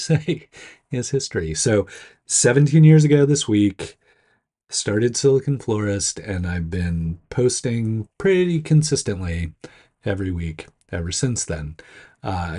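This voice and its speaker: A man hosting a casual weekly startup news video, his voice hoarse and gruff from smoky air, talking in a rambling, self-deprecating way. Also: mellow. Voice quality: gruff, lowered voice.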